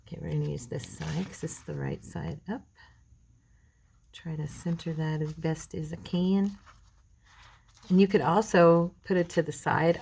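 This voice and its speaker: A middle-aged woman hosting a crafting video at home, chatting casually and rambling between tasks, clearing a frog in her throat. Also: low-pitched, darkish tone, a little hiss or hum, poor audio. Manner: rambling, chatty, addresses viewers as girls. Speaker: craft channel host.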